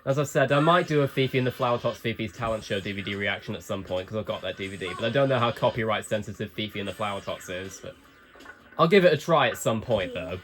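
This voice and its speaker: A woman with a very deep voice comments casually on a show she is watching. She muses aloud, questioning and adding chatty asides. Faint music plays under her talk. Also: lively intonation, fast. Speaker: reaction video host.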